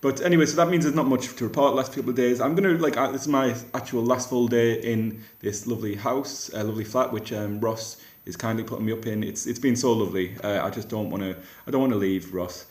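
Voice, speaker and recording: A young comedian vlogging casually from a flat, rambling and self-deprecating with many restarts. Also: male voice, medium pitch, fast talker, hardly any pauses. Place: rented flat. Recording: echoey room.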